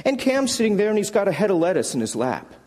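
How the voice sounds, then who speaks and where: A man's voice: high-pitched, sing-song, fast, a little mellow, big-room sound. A man preaching a conversational sermon, telling stories and acting out the people in them with their own voices. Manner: conversational, acts out quoted characters with voices. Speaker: pastor. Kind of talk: sermon with storytelling.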